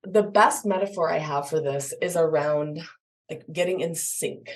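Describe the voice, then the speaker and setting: A woman guest expert explaining attachment in an interview, animated and acting out little examples. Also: deep voice, unhurried. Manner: animated, acts out examples in voices.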